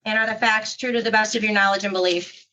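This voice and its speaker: A woman's voice: medium pitch, fairly even intonation, quick pace, sharp tone, lo-fi sound. A woman conducting a court hearing, swearing in a witness and asking rote questions. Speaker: court magistrate. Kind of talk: courtroom proceedings.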